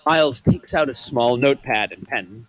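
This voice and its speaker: A man's voice: medium pitch, animated, moderate pace, no room sound. A man narrating stage directions in a script table read.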